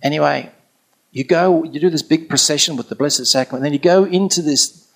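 A middle-aged man, telling a story in an animated way and acting out what others said. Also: fairly high pitch, brisk, gravelly. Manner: animated, acts out quoted speech. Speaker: pilgrimage companion telling a story. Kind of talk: anecdotal storytelling.

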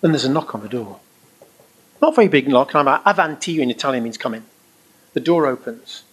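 A middle-aged man giving a personal testimony to a live audience, telling it as an animated, anecdotal story with chuckling asides and colourful everyday phrasing. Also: mid-range voice, fast, slightly rough.

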